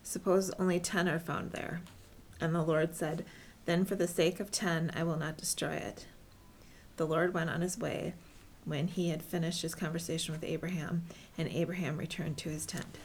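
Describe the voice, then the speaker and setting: A woman reading a scripture passage aloud at a steady, measured pace. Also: sits low, a little hiss or hum. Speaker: scripture reader.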